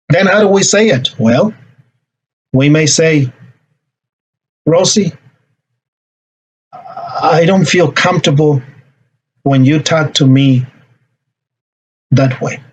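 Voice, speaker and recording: A man's voice: fairly high pitch, husky, rough recording. A man giving a lesson on emotional regulation and communication, acting out example dialogues between parents and children. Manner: acts out example dialogues, repeats "no, no, no". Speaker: parenting educator. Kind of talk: teaching a talk on emotional regulation.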